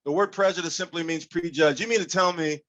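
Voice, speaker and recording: Man leading a lively online workshop. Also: fairly high pitch, fast talker. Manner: animated, engaging, leads audience call-and-response. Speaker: workshop speaker. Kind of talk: interactive online workshop talk. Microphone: video call.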